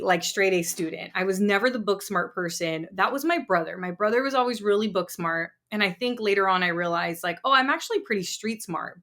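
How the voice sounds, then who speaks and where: A woman in her thirties hosts her own podcast and tells stories from her life. Her voice sits at an ordinary middle pitch. She talks in a candid, encouraging way, loose and chatty, with plenty of casual fillers. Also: fairly bright tone. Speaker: podcast host. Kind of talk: personal storytelling.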